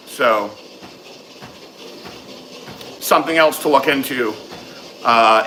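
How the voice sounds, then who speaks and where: A man answers viewer questions in a casual, frank way, dropping fillers as he goes. His voice has a bright, forceful edge at a middling pitch. A faint hiss of noise sits behind him. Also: low-quality recording. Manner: frank, matter-of-fact advice with many fillers. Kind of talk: casual live Q and A.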